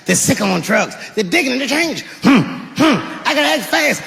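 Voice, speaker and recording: Animated, high-voiced male stand-up comic. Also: normal speed, creaky, big-room sound. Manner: animated storytelling, bursts of shouting. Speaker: stand-up comedian. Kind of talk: stand-up comedy set.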